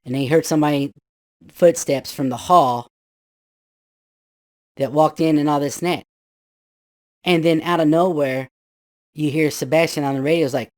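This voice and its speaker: A man's voice: a little high, steady tone, normal speed, pauses often. A man in his fifties casually telling a ghost story from his youth, rambling with restarts and acting out his friends' voices.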